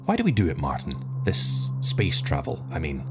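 A man's voice: extremely low pitch, huge pitch swings, normal speed, loud music behind the voice, heavily acted. A man voicing a tired, cynical older rocket captain who snaps impatiently at his lieutenant. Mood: weary, irritable. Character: weary, sharp-tongued older male rocket captain.

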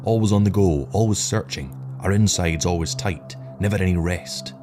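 A man's voice: low-pitched, normal speed, music in the background, natural voice. A man voicing a tired, cynical older rocket captain who snaps impatiently at his lieutenant. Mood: weary, irritable. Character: weary, sharp-tongued older male rocket captain.

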